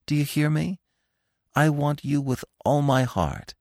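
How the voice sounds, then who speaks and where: A man's voice: fairly high pitch, very animated, unhurried, gravelly, no room sound, clean studio sound, voice pushed up, heavily acted. Man voicing an eager lovestruck young stag. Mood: pleading. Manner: eager, pleading. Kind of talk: storybook reading.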